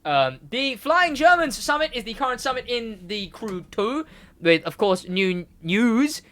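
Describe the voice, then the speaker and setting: A young man co-hosting a casual podcast, rambling and animated, laughing often. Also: very high-pitched, unhurried. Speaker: podcast co-host, gaming segment host.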